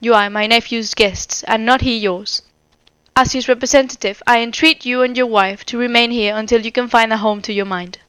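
A woman reader lends her voice to an anxious older lady in a storybook. She speaks in a smooth, slightly high voice that is fervent and faltering. The sound is close and dry. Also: fairly even intonation, moderate pace, fairly bright tone, no room sound, natural voice. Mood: pleading. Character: frail anxious older lady, pleading and tremulous.

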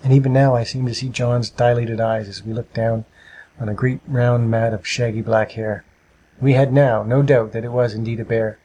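A man narrating a storybook with a steady, measured reading. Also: medium pitch, rough recording.

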